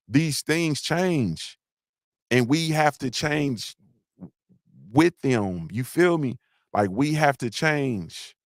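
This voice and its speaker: A man's voice: medium pitch, no room sound, clean studio sound. Slangy rambling male livestream host. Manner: slangy, rambling, shouts out chat names. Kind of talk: casual livestream chat.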